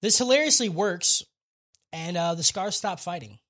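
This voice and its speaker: Bright-voiced man, excited profane recap. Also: high-pitched, normal speed. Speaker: podcast co-host. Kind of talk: casual anime recap chat.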